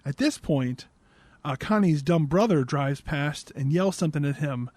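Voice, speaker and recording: A man's voice: on the high side, animated, unhurried, darkish tone, dry recording. A man hosting a podcast, giving a casual, sarcastic and exasperated movie recap. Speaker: podcast host.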